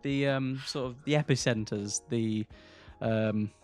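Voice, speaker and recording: A man's voice: mid-range voice, steady tone, measured pace, darkish tone, faint music behind. Rambling British podcast co-host man. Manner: rambling, restarts sentences, swears casually. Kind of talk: casual chat.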